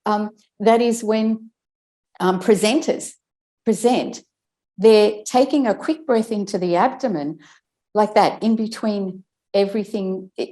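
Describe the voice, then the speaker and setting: A woman's voice: medium pitch, warm tone. A woman guest in a conversational interview, explaining speaking and breathing technique and demonstrating it as she goes, often restarting her phrases. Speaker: guest, speech and accent coach.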